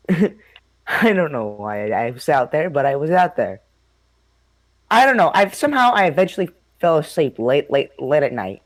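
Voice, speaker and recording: Here a young male host's slightly high voice is recorded dry. He tells a spooky story from his childhood in a loose, rambling way, laughing often and swearing a great deal.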